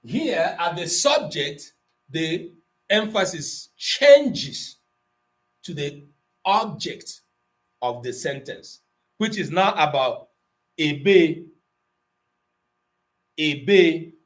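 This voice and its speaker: A man's voice: a little high, animated, drawn-out words, long pauses. A man teaching an online language class, patiently explaining grammar and moving between Igbo and English.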